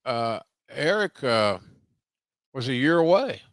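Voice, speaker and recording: An older man hosting a podcast, talking casually about wrestling in a halting way with many restarts and slow, emphatic phrases. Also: mid-range voice, very animated, dry recording. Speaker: podcast host, wrestling commentator.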